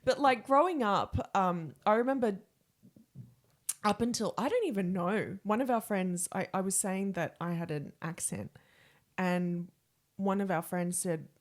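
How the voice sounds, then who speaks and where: A woman's voice: medium pitch, unhurried. A middle-aged Australian woman, co-hosting a podcast, telling rambling, self-reflective anecdotes in casual chat. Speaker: podcast co-host.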